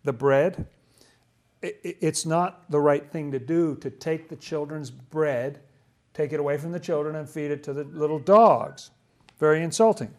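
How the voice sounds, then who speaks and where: A man's voice: fairly high pitch, moderate pace, darkish tone. A man leading a casual Bible study, explaining passages with enthusiasm and asking questions as he goes.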